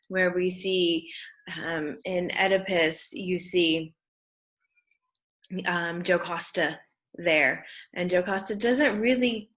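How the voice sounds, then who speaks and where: A woman's voice: on the low side, a bit bright. A woman teacher talking through a play in class, hesitant and thinking aloud with many fillers. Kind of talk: classroom lecture.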